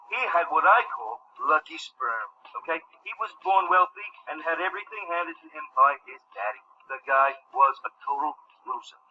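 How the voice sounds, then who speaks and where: An actor voicing a boastful, crude tycoon in comic voice-over narration. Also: male voice, on the high side, slight background noise, close to an everyday voice. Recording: dull lo-fi audio with music.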